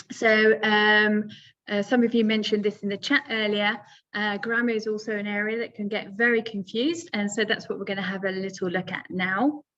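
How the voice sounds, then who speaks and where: A woman's voice: mid-range voice, a bit bright, highs cut off. A woman teaching English pronunciation in a webinar, patient and step by step, with many fillers. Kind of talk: webinar lesson.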